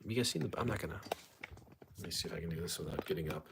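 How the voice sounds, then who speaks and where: A man's voice: low-pitched, rapid-fire, creaky, very noisy. A middle-aged man hosting a casual solo livestream from home, rambling and joking straight to his viewers. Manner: rambling, jokey, talks to viewers directly. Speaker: livestream host.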